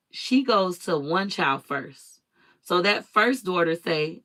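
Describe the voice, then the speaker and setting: A woman's voice: fairly low pitch, unhurried, a bit bright. A woman hosting her own live stream, telling a personal story in an emphatic, repetitive way with blunt swearing.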